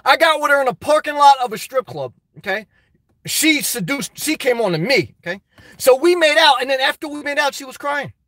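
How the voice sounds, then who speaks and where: A man's voice: extremely high pitch, expressive, brisk, sharp tone, dry recording. A man chatting casually on a live stream, reading viewer comments aloud, rambling and laughing often as he talks straight to his audience. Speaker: vlogger reading live chat.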